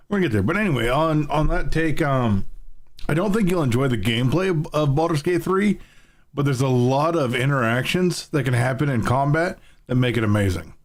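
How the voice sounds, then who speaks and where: A man hosting a casual nerdy podcast, rambling and correcting himself as he talks. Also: mid-range voice. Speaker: podcast host.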